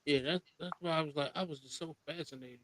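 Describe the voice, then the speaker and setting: A man co-hosting a podcast in casual chat, animated and laughing often. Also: on the high side, fast, slight background noise, rough recording. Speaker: podcast co-host.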